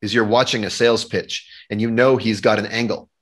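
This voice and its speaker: A male podcast host with a somewhat low voice walks through technical terms in a patient, teacherly way, reaching for everyday examples. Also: steady tone, a little fast, a bit bright. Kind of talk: explanatory podcast talk.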